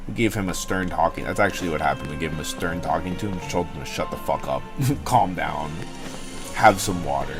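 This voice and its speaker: A man's voice: low-pitched, animated, a little fast, vocal fry, soft background music. A young man hosting a livestream, rambling and joking casually with his chat, swearing freely. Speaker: livestream host.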